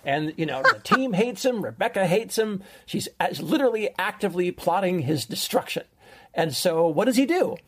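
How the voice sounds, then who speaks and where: Over slight background noise, a middle-aged podcast co-host speaks at normal speed in a high-pitched, sing-song voice with a fairly bright tone. He chats casually, enthusiastically recommending a show in a rambling, storytelling way.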